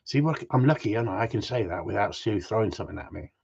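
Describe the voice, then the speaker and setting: A man with a husky, low voice rants bluntly through a casual livestream, dropping mild swear words as he goes. He talks as a gundog trainer. The sound is dull and lo-fi. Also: lively intonation, fast, darkish tone.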